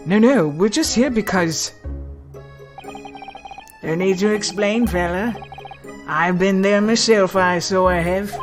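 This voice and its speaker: A woman voicing a flamboyant, generous Irish man in a put-on Irish accent that keeps slipping, with faint game music behind. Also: medium pitch. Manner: sing-song, chummy, slipping accent.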